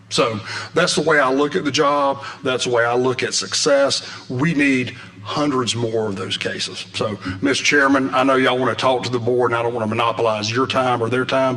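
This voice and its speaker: A man telling an animated, folksy story while testifying at a legislative hearing. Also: mid-range voice. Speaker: agency director testifying.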